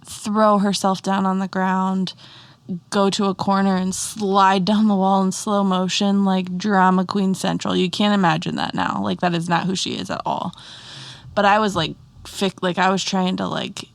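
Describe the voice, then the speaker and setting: A woman's voice: mid-range voice, flat delivery, normal speed, creaky, no room sound. A woman in her thirties, a mother co-hosting a podcast, telling stories in a casual chatty way with lots of "like" fillers. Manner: chatty storytelling with frequent "like" fillers. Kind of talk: casual chat.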